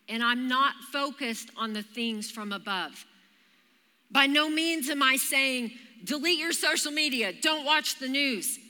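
A woman, giving an animated, story-driven sermon at a live church service. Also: sits high. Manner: animated, storytelling with vivid exclamations. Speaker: church speaker. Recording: reverberant live church hall.

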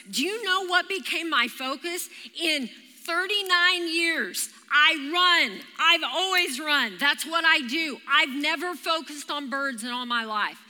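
High, bright woman preaching. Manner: animated, storytelling with vivid exclamations. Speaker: church speaker. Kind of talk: sermon. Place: church hall during a live service. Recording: reverberant live church hall.

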